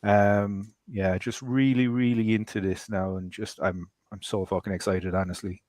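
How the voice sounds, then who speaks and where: Excited low-voiced man, dry sound. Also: normal speed, no echo. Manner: excited, casual, swears. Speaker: podcast guest. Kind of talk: casual group video chat.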